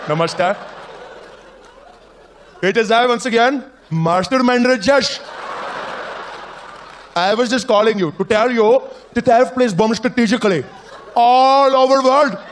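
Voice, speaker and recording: A man's voice: high voice, background noise. A man voicing a bumbling male Indian terrorist mastermind who speaks politely, haggles, and uses broken English with a put-on Indian accent. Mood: proud.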